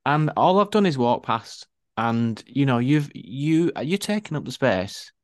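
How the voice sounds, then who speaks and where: A man, co-hosting a casual podcast and telling wry anecdotes with animated emphasis. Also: medium pitch, a little slow, no room sound, studio quality. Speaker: podcast co-host.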